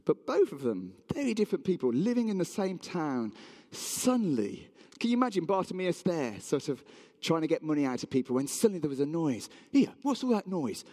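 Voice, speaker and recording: A man's voice: a little high, a little fast, big-room sound. A man telling a Bible story in a sermon, acting out the townspeople's voices. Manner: animated, acts out voices of townspeople. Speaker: preacher.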